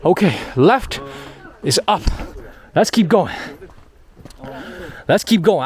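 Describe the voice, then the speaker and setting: Man, travel vlogger, higher voice, outdoor mountain trail, repeats phrases, slightly out of breath. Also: animated, takes it slowly, crowd noise. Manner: chatty, repeats phrases, thinks aloud. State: out of breath while hiking. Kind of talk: walking travel vlog narration.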